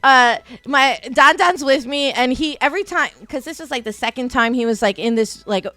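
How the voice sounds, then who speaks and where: Woman, bright high voice, animated storyteller, dry close sound. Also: normal speed, no room sound. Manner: animated, laughs often, acts out quotes. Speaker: streamer host. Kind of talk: casual chat storytelling.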